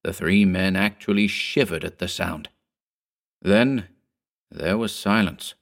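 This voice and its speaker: A man reading a ghost story aloud in a measured, grave manner. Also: low-pitched, gravelly. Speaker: narrator. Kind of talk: scripted ghost story narration.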